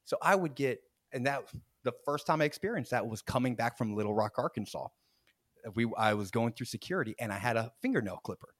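Animated man telling a story. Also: medium pitch, fast talker, no echo, studio quality. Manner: animated, acts out quotes, laughs mid-story, frequent restarts. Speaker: podcast host. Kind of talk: casual storytelling.

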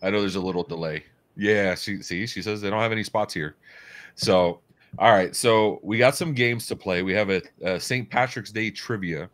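Deep-voiced man hosting casual talk. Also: moderate pace, a bit bright. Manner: loose, swearing, storytelling. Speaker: host. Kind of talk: casual chat.

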